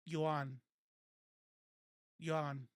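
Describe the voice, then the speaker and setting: A man with a fairly high voice hosts a casual political livestream, talking loosely and cursing as he goes. He often stops to correct himself and breaks into laughter. The sound is dry and close, with no room around it. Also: little pitch movement, drawn-out words, smooth, no echo. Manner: rambling, self-correcting, laughs often, swears freely. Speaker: political commentary streamer.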